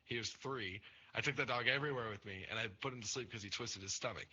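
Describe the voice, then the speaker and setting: A young man hosting a podcast, telling stories in casual chat, swearing often and jumping up in pitch as he acts out other people. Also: fast talker, breathy edge, dull audio. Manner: swears a lot, animated storytelling with pitch jumps. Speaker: podcast host.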